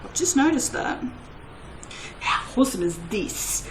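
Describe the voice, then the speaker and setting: A woman's voice: sits high, very animated, measured pace, slight background noise, low-quality recording. A woman who hosts a soap-making channel and chats casually and self-mockingly to her viewers while she crafts, laughing often.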